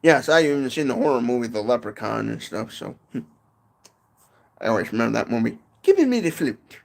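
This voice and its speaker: A man's voice: medium pitch, fairly quick, gravelly. A man with a Michigan accent chatting casually on a livestream from his porch, rambling and often tacking on "and stuff". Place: home porch, outdoors.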